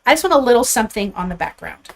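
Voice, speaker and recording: A woman's voice: a little high, big pitch swings, very fast, gravelly. A woman hosting a live card-making stream, chatting casually and upbeat with her viewers as she shows her supplies, a little out of breath. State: a bit out of breath. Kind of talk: casual live crafting chat.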